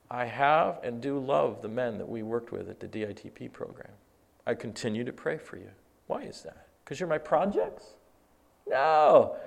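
A man's voice: medium pitch, a little mellow. A middle-aged man preaching an earnest sermon, often repeating and restarting his words. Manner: earnest, repetitive stammering restarts. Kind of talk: sermon teaching.

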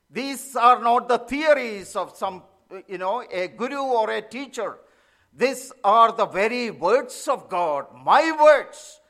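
A man preaching a sermon, slow and emphatic, rising louder when he quotes scripture. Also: very high-pitched.

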